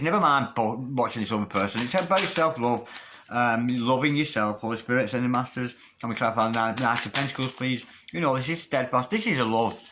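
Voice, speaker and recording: A man's voice: medium pitch, background noise. A man giving a tarot card reading in a chatty, emphatic way, swearing casually as he goes. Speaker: tarot reader.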